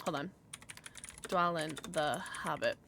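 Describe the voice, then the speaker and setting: A young woman streaming live, chatting casually with her viewers and squealing with excitement as she reads chat. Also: low voice, slow pace, vocal fry, slight background noise. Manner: chatty, bubbly, squeals when reading chat.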